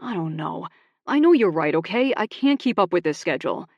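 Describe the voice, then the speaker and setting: A stubborn man who keeps his answers short and clipped, voiced by a woman narrator reading an audiobook, with a lowish pitch and a close, dry sound. He stays guarded and tight-lipped. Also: very animated, brisk, no room sound, highs cut off. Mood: defensive. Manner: clipped, defensive replies.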